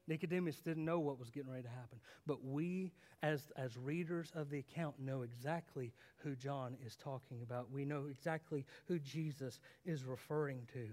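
A male pastor delivers a sermon in a notably high voice. He swings between loud, emphatic declarations and quiet, intimate asides, often questioning his listeners. A long reverb trails his words in the church. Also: normal speed, hardly any pauses. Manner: dramatic, rising and falling intensity, rhetorical questions.

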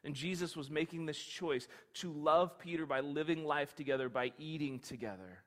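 A man preaching a sermon, telling the story in an animated, conversational way. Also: fairly high pitch, moderate pace. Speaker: pastor. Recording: long hall reverb.

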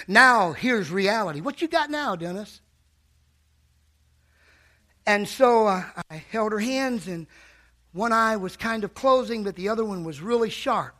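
A man's voice: high voice, expressive, a little slow, pauses often, bright, forceful tone. A man preaching a fervent sermon in a church, calling out to the congregation.

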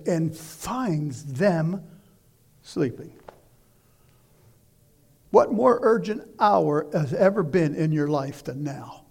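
A man preaching a sermon, loud and emphatic, shouting exhortations and dropping into quiet asides. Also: fairly high pitch, creaky, slightly rough. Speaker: pastor.

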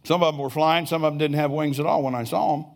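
A man's voice: fairly high pitch, steady tone, quick pace, gravelly. An older man preaching a sermon in a church, telling stories in a folksy way with chuckling asides. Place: church sanctuary.

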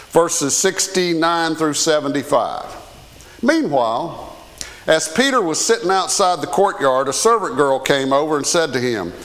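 Animated Southern preacher in a reverberant hall. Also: male voice, sits high. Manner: animated, folksy preaching with humor. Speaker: pastor. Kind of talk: sermon.

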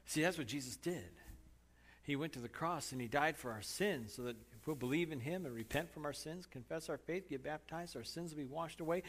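A male pastor delivering a sermon in a somewhat high voice. His delivery is dramatic, sinking to near-whispers and then climbing to forceful emphasis. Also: expressive, normal speed. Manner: dramatic delivery, from hushed asides to raised emphasis.

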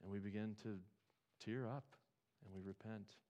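A man preaching a sermon, telling stories and moving between quiet, reflective passages and loud, emphatic ones. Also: fairly low pitch, fairly even intonation, normal speed, highs cut off. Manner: storytelling, swings from quiet to emphatic.

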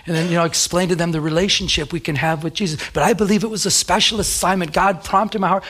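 A man's voice: high voice, steady tone, fast talker, few pauses, a bit bright, breathy edge. A middle-aged man, a pastor, preaching a sermon in a conversational, storytelling way with many restarts.

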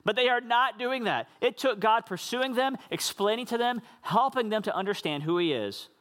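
A pastor preaching with a notably high male voice. He talks earnestly and conversationally, breaking into casual asides for the congregation. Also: normal speed, fairly bright tone. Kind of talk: sermon.

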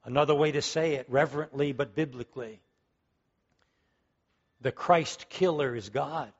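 A man's voice: mid-range voice, normal speed, muffled recording. A man preaching a sermon, emphatic and fervent, repeating key words as he builds to strong peaks. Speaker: pastor.

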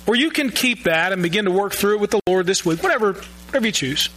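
Male pastor, high bright voice, earnest sermon, stumbles over repeated words. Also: lively intonation, fast, low-quality recording. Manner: earnest, repeats words while searching for phrasing. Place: church sanctuary.

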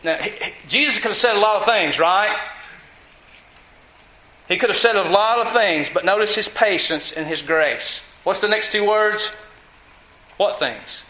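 Reading Bible verses aloud, a preacher teaches on the passage and talks with the room in a conversational way, checking in with listeners. He has a high, bright, forceful voice at a moderate pace, and the recording is poor and reverberant.

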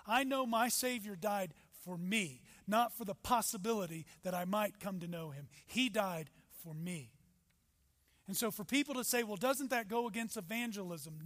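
A man preaching a sermon as pastor, with emphatic rises and sudden soft drops. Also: high-pitched. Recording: long hall reverb.

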